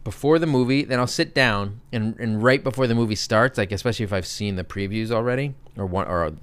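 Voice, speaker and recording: A man's voice: lowish voice, brisk, fairly bright tone, smooth. A man in his thirties telling stories in a casual, joking chat, swearing freely as a podcast co-host. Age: 30s. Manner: loose, swears freely, jokey storytelling.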